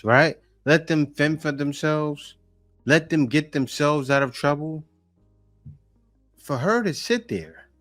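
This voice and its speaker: A man's voice: mid-range voice, a bit bright, dry recording. Man asking rhetorical questions in commentary. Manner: conversational, asks rhetorical questions. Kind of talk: opinion commentary.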